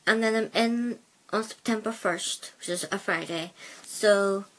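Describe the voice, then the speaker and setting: A woman's voice: medium pitch, unhurried, fairly bright tone. A woman from Northern Ireland with a mixed Belfast and Plymouth accent, hosting a casual solo podcast on a headset mic, rambling hesitantly with many fillers. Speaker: podcast host.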